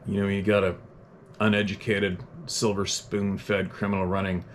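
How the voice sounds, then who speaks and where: A man's voice: on the low side, completely flat delivery, moderate pace, a little hiss or hum. Blunt, profane man ranting. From Canada. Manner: self-deprecating chuckles. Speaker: podcast host reading listener letters. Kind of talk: unscripted podcast monologue.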